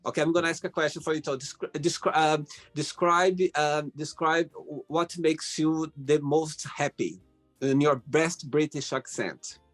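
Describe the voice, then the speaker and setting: Male host, interview over a call, somewhat high voice, slow searching delivery, faint music behind. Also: fairly even intonation, fairly bright tone. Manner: slow, searching phrasing with fillers.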